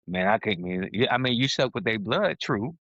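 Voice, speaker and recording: A man's voice: on the low side, animated, brisk, a bit bright, no room sound. A man co-hosting a podcast in casual conversation, talking emphatically and often restarting his sentences as he gets heated. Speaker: podcast co-host. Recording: dull, lo-fi and dry.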